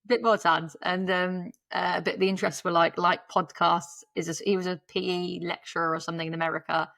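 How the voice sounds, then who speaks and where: A woman's voice: fairly low pitch, completely flat delivery, fairly quick, vocal fry, a bit bright, dry recording. A woman in her thirties, a podcast guest telling her story in a chatty, candid way, laughing often and breaking off mid-sentence.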